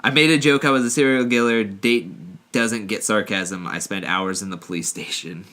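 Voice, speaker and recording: A man's voice: lowish voice, moderate pace, sharp tone. A man co-hosting a casual podcast, reading dating stories aloud and joking, rambling and laughing often. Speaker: podcast co-host.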